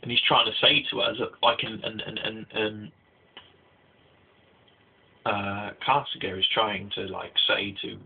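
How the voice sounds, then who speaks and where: A man's voice: on the low side, steady tone, a little slow, vocal fry, pauses often, slightly rough. A young man giving a casual spoken anime review, rambling with restarts and fillers, recorded on tinny phone-like audio.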